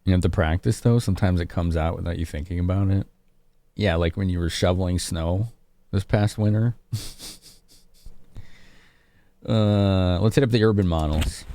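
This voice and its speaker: Deep-voiced casual game streamer. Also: male voice, moderate pace, long pauses, mellow, a little hiss or hum. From Chicago, US. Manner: casual, chatty, laughing with chat. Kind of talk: live-stream game commentary.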